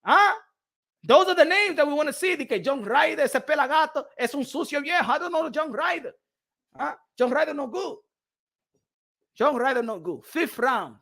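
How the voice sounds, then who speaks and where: High, sharp-voiced man ranting hotly. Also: expressive, normal speed, vocal fry. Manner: heated, profane, mocking, with frequent laughs. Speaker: boxing commentary host. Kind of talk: opinionated rant to camera.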